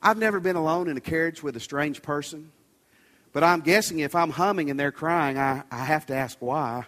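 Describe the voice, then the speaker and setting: A man preaching a sermon as a pastor in a large church, talking to the congregation in a conversational way and at times dropping his urgent pleas to a soft near-whisper. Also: a little high, normal speed. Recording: reverberant large church hall.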